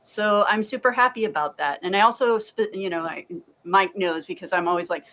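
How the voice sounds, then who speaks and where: A woman's voice: medium pitch, a little fast, a bit bright, poor audio. A woman game master chatting casually about a tabletop game, enthusiastic and full of praise, with many fillers.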